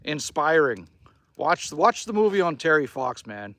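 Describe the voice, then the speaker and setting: Lively-pitched Canadian man chatting live. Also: measured pace, no echo. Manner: chatty, rambling, casually swears. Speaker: livestream host. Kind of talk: casual live-stream chat reading viewer comments. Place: outdoors by a fire.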